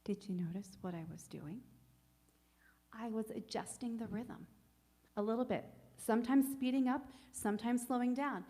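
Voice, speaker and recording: A woman working as a choir director, leading a virtual rehearsal with calm, encouraging instruction. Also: mid-range voice, big-room sound. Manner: calm, gentle guided breathing, then upbeat coaching.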